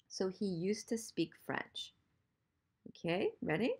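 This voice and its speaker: A woman teaching Spanish grammar in an online lesson, patiently repeating examples and slowing down for practice sentences. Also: lowish voice, big pitch swings, creaky, darkish tone, breathy edge.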